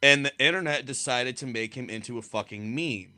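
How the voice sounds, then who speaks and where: A man's voice: mid-range voice, a little fast, bright, forceful tone, dry recording, studio quality. A man co-hosting a podcast, telling blunt, profanity-laced stories in casual chat. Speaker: podcast co-host and wrestler.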